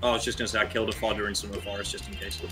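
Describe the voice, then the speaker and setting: A man's voice: lowish voice, little pitch movement, rapid-fire, pushed and bright, faint music behind. A man chatting casually while racing through a speedrun, talking through his moves with self-mocking asides. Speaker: speedrun racer.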